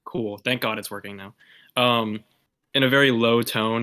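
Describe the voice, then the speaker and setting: A man's voice: mid-range voice, fairly even intonation, normal speed, pushed and bright. A man playing a tabletop game, talking casually on an old headset. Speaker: player.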